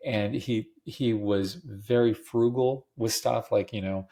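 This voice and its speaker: Middle-aged male podcast host, low gravelly voice, rambling casual storyteller. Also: slow, warm tone. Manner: rambling, many fillers and restarts.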